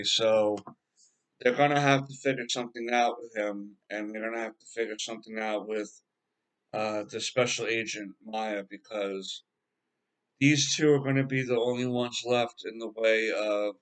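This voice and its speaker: Slow, rambling male TV reviewer. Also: on the low side, fairly even intonation, a bit bright. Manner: rambling, halting, with frequent filler words. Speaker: TV show reviewer. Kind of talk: casual episode recap.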